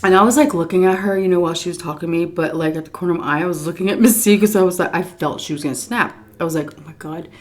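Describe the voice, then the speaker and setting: A woman with a slightly low voice tells a long story while eating on camera. She is animated and expressive, often switching to high voices for the people she quotes. Between bites she drops into soft whispers. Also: rapid-fire, hardly any pauses. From Texas. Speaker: mukbang storyteller.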